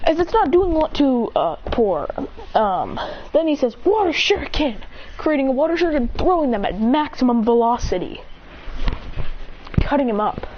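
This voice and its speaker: A woman's voice: high-pitched, very animated, normal speed. A woman eagerly retelling a battle story in rambling casual narration, chaining events together. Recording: dull, lo-fi home recording with faint noise.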